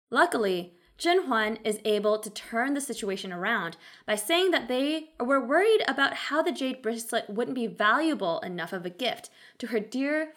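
A woman's voice: a little high, a bit bright. A woman recapping a historical drama episode in a casual narrated style, with wry, sarcastic asides.

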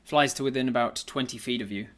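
A man's voice: medium pitch, fast. A man narrating as game master of a tabletop game, hesitant, with many fillers and restarts.

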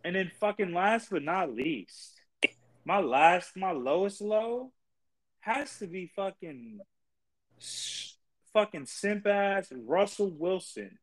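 A young man co-hosting a casual sports podcast, ranting in exasperation and swearing constantly, his pitch jumping high when he gets worked up. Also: very animated, slow, rough recording. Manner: profane, exasperated ranting with big pitch jumps. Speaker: podcast co-host.

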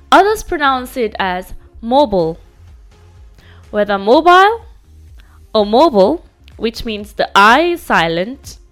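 A woman with a fairly high voice teaches English pronunciation, spelling words deliberately letter by letter. Her delivery is slow and full of melodic rises and falls, with playful, reassuring asides. Soft music plays behind her. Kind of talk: pronunciation lesson.

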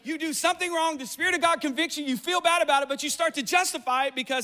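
High-voiced pastor man preaching animatedly. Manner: animated storytelling with laughs and quick asides. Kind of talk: sermon.

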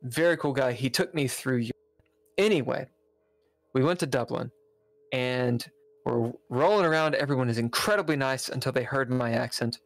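A man's voice: mid-range voice, normal speed, no room sound, faint music behind. An American man hosting a podcast, telling a joky story in casual chat with a lot of swearing. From United States. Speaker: podcast host.

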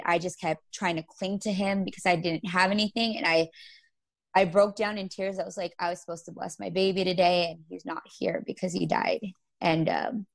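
A woman giving an emotional, halting account of her own experience as an interview guest. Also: fairly low pitch. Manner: emotional, halting storytelling with many fillers. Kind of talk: personal testimony interview.

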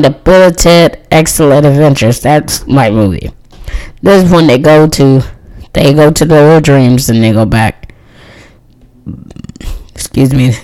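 A woman's voice: low-pitched, darkish tone, low-quality recording. A woman in her thirties chatting casually as host, reviewing movies in a rambling, friendly way and laughing often. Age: 30s. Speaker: podcast host.

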